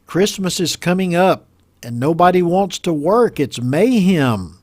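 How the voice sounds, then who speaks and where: A man with an American accent teaching English pronunciation, reading a news story aloud and explaining words slowly and patiently. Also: high-pitched, lively intonation, darkish tone, no echo, clean studio sound. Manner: slow, patient, repeats words for learners.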